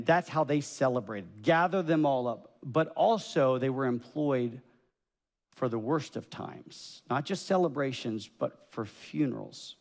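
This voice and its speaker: Lively preacher in an echoey church. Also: male voice, medium pitch, a little slow, vocal fry. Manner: lively storytelling with acted voices. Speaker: pastor. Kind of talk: sermon. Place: church sanctuary.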